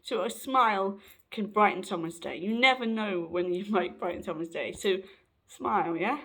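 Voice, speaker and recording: A man's voice: sits high, normal speed, sharp tone. Upbeat trans man vlogging. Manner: chatty, upbeat pep talk with jokes. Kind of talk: casual talk to camera.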